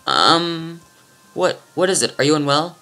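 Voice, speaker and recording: A man's voice: a little high, very animated, a little slow, bright, forceful tone, faint music behind, pitched above the performer's own voice, heavily acted. A man voicing a shy, timid young female knight who stammers and hesitates.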